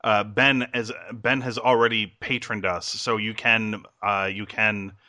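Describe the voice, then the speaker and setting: A man's voice: fairly low pitch, flat delivery, unhurried, sharp tone, dry recording. A man with a Midwestern American accent hosting a casual podcast, rambling with lots of fillers and restarts. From Midwestern United States. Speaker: podcast host.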